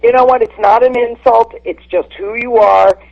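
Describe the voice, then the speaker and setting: A woman's voice: a little high, fairly even intonation, moderate pace, gravelly. A woman comedian calling into a podcast, talking bluntly in a brash, insult-comic manner. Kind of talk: phone-in podcast chat. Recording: muffled phone line.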